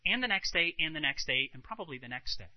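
A man speaking as a Christian health speaker, telling animated personal anecdotes to a live audience and tossing in rhetorical "right?" asides. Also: a little high, quick pace, no echo, dull audio. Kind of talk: storytelling talk to a live audience.

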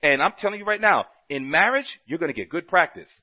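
A man preaching a sermon, telling a story with quoted dialogue and swinging between loud and soft passages. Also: on the high side, big pitch swings, a little fast, muffled recording.

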